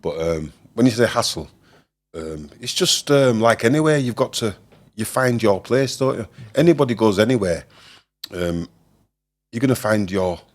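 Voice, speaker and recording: A man's voice: on the low side, animated, normal speed. A man from Leeds with a Leeds accent, telling stories as a guest in a casual interview, swearing freely and acting out the people in them. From Leeds, England. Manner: swears freely, often laughs, acts out the people in his stories. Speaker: former boxer, guest.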